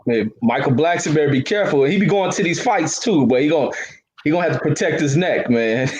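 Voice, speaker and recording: Blunt, slangy man with a fairly high voice. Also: animated, a little fast, darkish tone, slight background noise, poor audio. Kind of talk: casual boxing chat.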